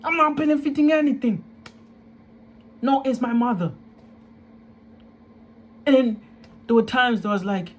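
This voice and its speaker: A man's voice: very high-pitched, unhurried, long pauses, slight background noise. A young man candidly telling a personal story, emotional and profane, in casual street slang.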